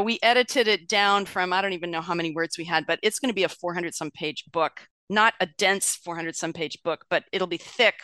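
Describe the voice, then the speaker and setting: A middle-aged woman talking as an author and guest in an interview, chatty and animated, laughing often as she talks. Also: lowish voice, dry recording. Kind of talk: conversational interview.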